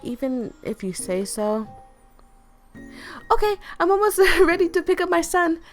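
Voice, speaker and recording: Brief: woman doing a high, bubbly older shop lady, Jamaican British accent, friendly but cagey. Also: sing-song, unhurried, faint music behind, heavily acted. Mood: flustered. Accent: put-on Jamaican British.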